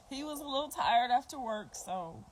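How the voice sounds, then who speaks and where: A middle-aged grandmother talks bluntly and emphatically to viewers in a casual livestream, repeating her points. Her voice sits high and sounds animated at a moderate pace, and the recording is rough with a little hiss or hum.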